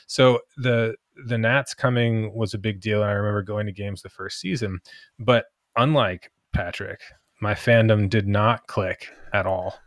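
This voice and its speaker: A man who grew up near Washington, hosting a podcast in a measured, storytelling way. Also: lowish voice, steady tone, dry recording, studio quality. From Washington DC area. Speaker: podcast host. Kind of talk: casual podcast chat.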